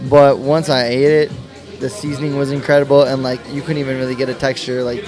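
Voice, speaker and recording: A man's voice: mid-range voice, flat delivery, fast, a little mellow. Laid-back young man talking in a bar. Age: 20s. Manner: laid-back, loose slangy talk. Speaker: guest. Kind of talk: casual live podcast interview. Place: busy bar. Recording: bar with music playing behind.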